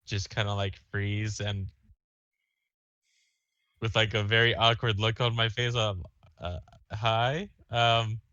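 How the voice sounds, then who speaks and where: Male player, low flat voice, hesitant, dull lo-fi mic. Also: no room sound. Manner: hesitant, halting. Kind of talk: casual role-play at the table.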